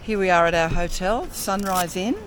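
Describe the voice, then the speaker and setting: A woman's voice: on the low side, moderate pace. A middle-aged Australian woman chatting wryly and bluntly as she films a travel vlog outdoors, swearing casually. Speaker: travel vlogger. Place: outdoors in a town, by motorbikes. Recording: outdoor recording with clear street noise.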